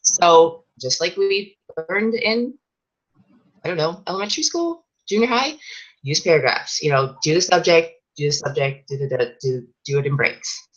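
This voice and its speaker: Female fitness coach, deep-ish voice, casual training talk full of "um" and "you know", slightly lo-fi. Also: normal speed. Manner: chatty, with many fillers and restarts.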